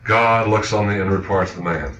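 A man's voice: on the low side, a bit bright. Earnest preacher man in an echoey room. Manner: earnest, halting, with many restarts and acted-out quotes. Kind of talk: sermon. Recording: echoey, muffled old sermon recording.

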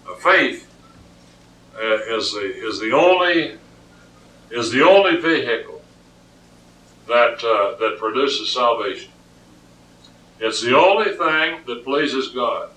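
A man's voice: mid-range voice, bright, forceful tone, far from the mic. A man preaching a sermon, emphatic and often repeating words as he reasons aloud, recorded in an echoey room with the voice off-mic.

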